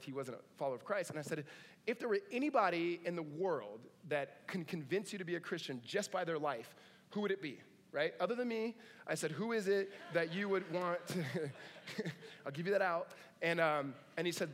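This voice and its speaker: A man preaching a sermon in a relaxed, conversational way, with joking asides and animated retellings of stories. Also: a little high, big-room sound. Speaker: pastor.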